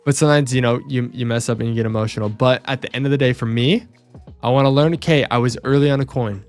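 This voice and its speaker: A young man walking through trading charts on screen, excitable and self-mocking, repeating himself as he talks. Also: medium pitch, fast talker, faint music behind. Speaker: trading video host. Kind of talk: screen-share chart walkthrough.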